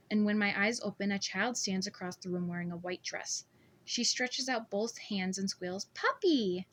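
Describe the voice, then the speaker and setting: A woman reading a first-person novel aloud as an amateur audiobook, steady and measured. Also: medium pitch. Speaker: audiobook reader.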